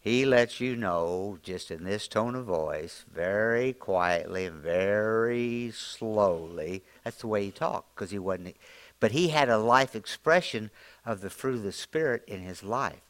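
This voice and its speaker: A man preaching an informal, folksy sermon, often climbing higher and louder as he drives a point home. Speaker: pastor.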